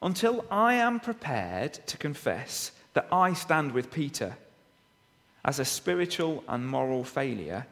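A man's voice: mid-range voice, sing-song, a little slow, a bit bright. A man preaching a sermon, reading and expounding scripture with frequent rhetorical tag questions. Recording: long reverb of a hall.

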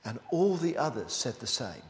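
A man's voice: medium pitch, very animated, moderate pace. Man preaching in an echoey hall. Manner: asks the listeners rhetorical questions. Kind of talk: expository sermon. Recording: echoey hall with long reverb.

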